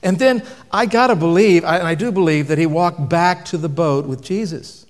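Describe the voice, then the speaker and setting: A man's voice: on the high side, normal speed. A man preaching a sermon in a conversational way, asking the audience questions and dropping his voice for emphasis. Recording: long reverb from a hall.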